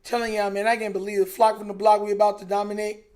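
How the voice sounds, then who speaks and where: A man's voice: high-pitched, level tone, fast, a little mellow. A young man hosting a live stream, reacting to a football game in casual, frustrated, emphatic chat. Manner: frustrated, emphatic, repeats himself, says "bro" a lot.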